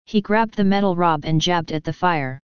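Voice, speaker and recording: A woman's voice: lowish voice, normal speed, clear, resonant tone, no room sound, highs cut off. A woman reading a storybook aloud in scripted narration, lightly voicing the characters. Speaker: audiobook narrator.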